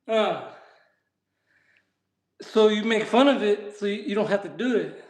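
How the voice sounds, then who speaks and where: A man's voice: high voice, lively intonation, a little slow, a little mellow. A man chatting casually in street slang while he works out on a live stream and answers his chat. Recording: echoey room.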